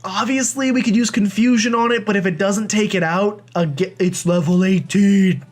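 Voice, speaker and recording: A young man talks through a video game playthrough, commenting on every move. His voice sits high for a man. He rambles, jokes about himself and chats casually with his viewers. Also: moderate pace, faint music behind. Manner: chatty, rambling, self-deprecating. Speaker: let's play host.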